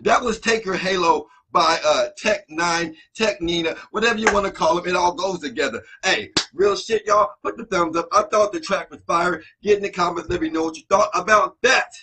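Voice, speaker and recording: A man hosting a music reaction video, talking casually and excitedly, often breaking into exclamations while a song plays. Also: high-pitched, moderate pace, hardly any pauses, husky. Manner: excitable, exclaims and interjects over the track. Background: song playing faintly.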